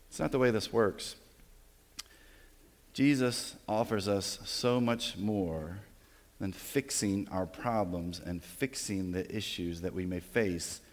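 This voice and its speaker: A man preaches a sermon in a church sanctuary, his voice carrying a long reverb through the hall. He is animated, swelling loud through his stories and dropping low and soft on the lines he wants to land. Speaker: pastor.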